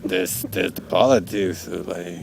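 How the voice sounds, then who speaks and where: A man's voice: sits low, fairly even intonation, measured pace, gravelly, music in the background. A young man doing an improvised comedy rant, crude and rambling, tagging lines with mate and eh. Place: outdoor music festival.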